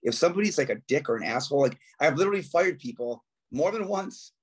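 Male musician guest, slightly high voice, casual raunchy anecdotes. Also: animated, quick pace, breathy edge. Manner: profane storytelling, acts out quotes, laughs often. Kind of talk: casual podcast chat.

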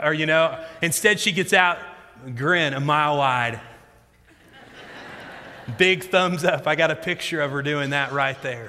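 A man in his thirties preaching a sermon as a pastor, telling stories in an animated way that moves between loud emphasis and quiet reflection. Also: fairly high pitch, brisk. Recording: long hall reverb.

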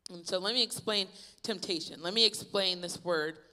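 Bright-voiced woman youth preacher. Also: on the low side, moderate pace. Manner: lively storytelling, acting out Bible characters. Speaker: youth pastor. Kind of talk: youth sermon. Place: church youth service.

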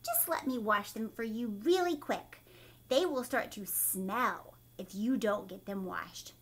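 A woman voicing a patient mother gently coaxing her daughter. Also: medium pitch, measured pace.

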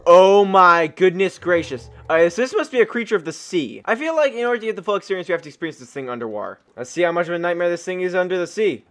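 A man with a high, bouncy voice gives gameplay commentary that keeps jumping into yelps and shrieks of surprise. His tone is bright and sharp, and he talks into a desk mic at home. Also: big pitch swings, fast talker, hardly any pauses. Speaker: gaming YouTuber.

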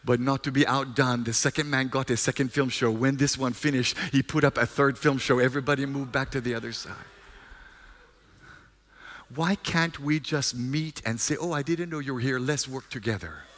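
A male pastor preaching a sermon, mixing jokes and sudden shouts with earnest calls. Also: medium pitch, normal speed, in a large hall.

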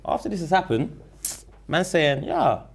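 A man's voice: medium pitch, brisk, vocal fry, background noise. A man, a guest in an interview, retelling events in slangy street talk and acting out what people said. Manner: slangy, animated retelling with quoted speech. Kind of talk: casual storytelling interview.

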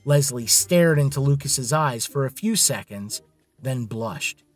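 Guy reading a drama story out loud, kinda husky, lively up and down pitch. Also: unhurried, faint music behind. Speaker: narrator. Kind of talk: scripted story narration.

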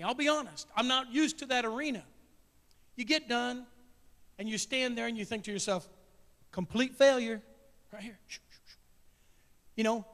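Midwestern guy preaching, high-ish voice, chatty and emotional, lots of church echo. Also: fairly bright tone. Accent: Midwestern American. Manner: folksy, emotional, talks straight to the congregation. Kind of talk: sermon. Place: church sanctuary. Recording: long echo of a church hall.

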